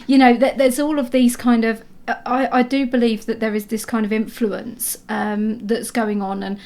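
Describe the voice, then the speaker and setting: A woman's voice: fairly high pitch, little pitch movement, normal speed, gravelly, darkish tone. A woman co-hosting a podcast, chatting frankly and advising listeners directly on workplace matters. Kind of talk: casual advisory chat.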